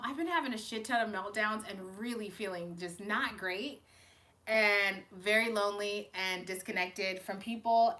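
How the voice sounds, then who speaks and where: Bright, chatty woman reading tarot live. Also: a little high. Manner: chatty and emotional, addresses viewers by name, laughs often. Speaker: tarot reader on a live stream. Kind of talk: casual live-stream chat and tarot reading.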